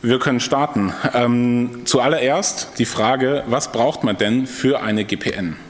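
A man's voice: mid-range voice, unhurried. A man hosting a conference, opening the event from a stage in a casual, upbeat way and introducing a speaker. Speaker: event host. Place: stage in a large hall. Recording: long hall reverb.

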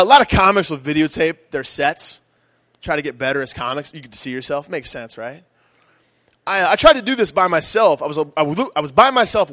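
A fast-talking young man on a comedy club stage, rambling through a crude, self-mocking set. His voice sits a bit high for a man and tumbles quickly from one aside to the next. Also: bright, forceful tone, no room sound, studio quality. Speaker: stand-up comedian.

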